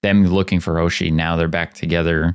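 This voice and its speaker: A man hosting a casual podcast discussion, animated and fond of acting out quotes. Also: deep voice, brisk, clear, resonant tone, no room sound, studio quality. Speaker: podcast host. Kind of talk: casual chat.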